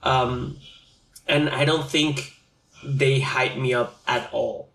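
A man's voice: medium pitch, fairly even intonation, slow pace, vocal fry, a bit bright, roomy sound. A man in casual, profane conversation, rambling with lots of fillers. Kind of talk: casual chat.

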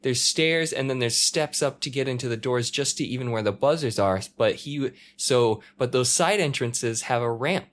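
A man chatting casually, telling a story with lively acted-out quotes and shouts. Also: medium pitch, moderate pace, few pauses. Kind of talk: casual chat. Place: apartment in a multi-story building.

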